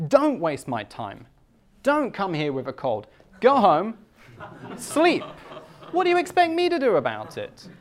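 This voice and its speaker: A man's voice: high voice, wildly swooping pitch, measured pace, pauses often, voice pushed up, heavily acted. A British man acting out an impatient male doctor who scolds a patient in an exasperated voice.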